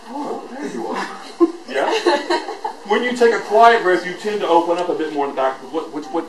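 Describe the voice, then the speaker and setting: Joking male voice teacher in an echoey hall. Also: a little high. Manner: lively, joking, demonstrates with his voice. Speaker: voice teacher leading a master class. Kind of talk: teaching a class. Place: school hall. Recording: echoey hall, recorded from far off.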